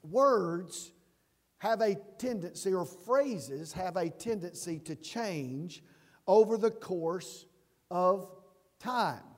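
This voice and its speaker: High-voiced preaching man, echoing church. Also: animated, slow, darkish tone. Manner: earnest preaching with restarts and rising emphasis. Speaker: pastor. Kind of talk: sermon. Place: church sanctuary. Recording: long church reverb.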